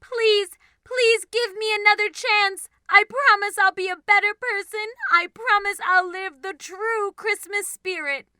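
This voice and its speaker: A woman voicing an old miserly man in a storybook, read in her own high bright voice. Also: animated, slow, no echo, studio quality, full character voice. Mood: pleading. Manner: storybook reading, barely changed voice. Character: rich old miser man, regretful then joyful.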